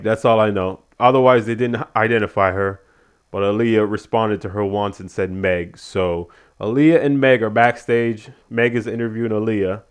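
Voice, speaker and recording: A man's voice: fairly low pitch, clean tone. A man giving a casual spoken review of a wrestling show, animatedly retelling what happened. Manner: animated retelling, acts out quotes.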